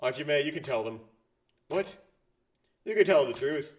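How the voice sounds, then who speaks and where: A man's voice: a little high, lively intonation, normal speed, natural voice. A man reading as a formal, assured schemer. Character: composed male mastermind ally, formal and assured.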